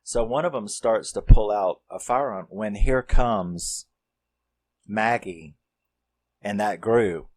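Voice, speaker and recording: A man's voice: lowish voice, slow. A man casually retelling a horror comedy's plot, rambling and swearing as he acts out the characters' lines. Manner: rambling, profane, acts out quotes. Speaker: movie reviewer.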